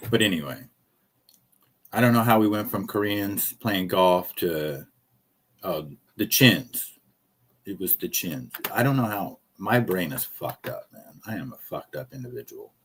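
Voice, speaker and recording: A man's voice: low-pitched, animated, unhurried, a bit bright, husky. A man rambling through casual live-stream commentary, jokey and profane, telling stories.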